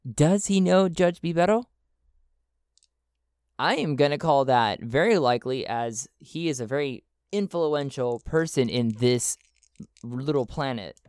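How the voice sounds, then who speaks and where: Man, solo tabletop game narration, slow, thinking aloud, dry close sound. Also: mid-range voice, animated, a little mellow, clean tone, no room sound. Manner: thinking aloud, checking rolls and charts. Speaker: solo game master and player.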